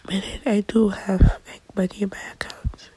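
An 18-year-old woman crying as she whispers a halting diary voice note into her phone. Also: medium pitch, little pitch movement, dark tone, husky, low-quality recording.

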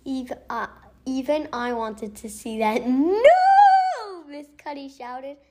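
A woman reading a story aloud slowly, stumbling over words and getting corrected. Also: high-pitched, steady tone, very noisy. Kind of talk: slow read-aloud.

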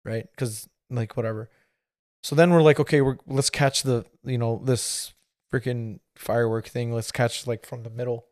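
Man, 30s, podcast host, casual rambling storyteller, laughs mid-sentence, average pitch, dry sound. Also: moderate pace, no room sound. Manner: rambling, animated, laughs through his story.

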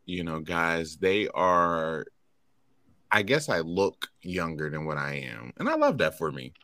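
A man in his thirties with a very low voice that still sounds bright and forceful. His intonation swings widely as he chats and acts out conversations. The sound is dry and close. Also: sing-song, unhurried, no room sound. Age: 30s. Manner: chatty, acts out quoted exchanges. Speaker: podcast co-host. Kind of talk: casual chat.

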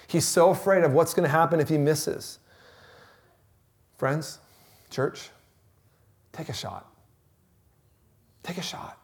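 A man in his thirties preaching a sermon in a relaxed, conversational way, telling a story and dropping to a near-whisper for emphasis. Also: a little high. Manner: animated storytelling, shouting in re-enactment. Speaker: pastor.

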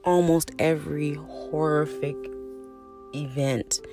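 This is a casual solo podcast monologue by a middle-aged woman from California who hosts her own show. Her deep voice stays steady and slow over music as she chats frankly, curses freely, and calls her audience honey and baby.

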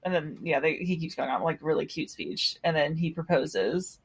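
Lively low-voiced woman recapping casually. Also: moderate pace, breathy edge. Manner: animated, laughs often, sings snippets. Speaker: podcast co-host.

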